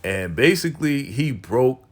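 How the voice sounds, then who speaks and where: A man's voice: medium pitch, big pitch swings, a little slow. A man hosting a casual TV episode recap, talking in slang and retelling the scenes as quoted back-and-forth dialogue. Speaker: TV recap host.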